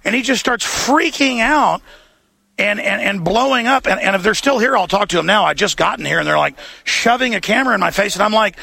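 High gravelly ranting man. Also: expressive, fairly quick, sharp tone, dry recording. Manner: impassioned, ranting. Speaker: host. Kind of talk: talk show rant.

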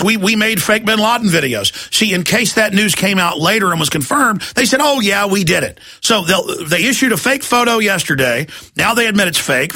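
Man, North Texas accent, gravelly husky voice, bright tense tone, emphatic talk radio rant. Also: fairly high pitch, no echo. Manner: emphatic, scornful, repeats words. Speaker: radio talk show host.

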